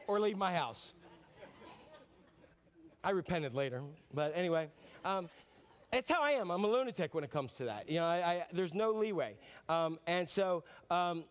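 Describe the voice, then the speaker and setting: A man in his fifties preaching a lively, rambling sermon, joking about himself and often restarting his sentences. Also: sits high, moderate pace. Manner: animated, rambling, self-mocking sermon with many restarts. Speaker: pastor.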